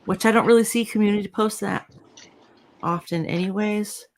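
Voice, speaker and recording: A woman's voice: medium pitch, fairly even intonation, moderate pace, darkish tone. A woman co-hosting a casual livestream chat, agreeable and chatty, reading out comments.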